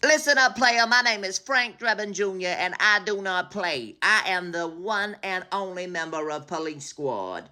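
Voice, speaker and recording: Male comic voicing a swaggering cop who drawls slowly in a bright voice. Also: sits high, expressive, heavily acted. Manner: slow, drawn-out tough-guy delivery. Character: swaggering tough male police officer.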